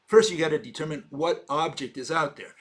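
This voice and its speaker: A man's voice: fairly high pitch, steady tone, a little fast. A man giving an informal, argumentative explanation, full of fillers and rhetorical questions. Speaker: lecturer.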